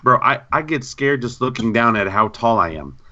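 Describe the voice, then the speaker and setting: A man co-hosting a gaming podcast in casual chat, an animated storyteller who repeats himself. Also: mid-range voice, normal speed, highs cut off. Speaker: podcast co-host.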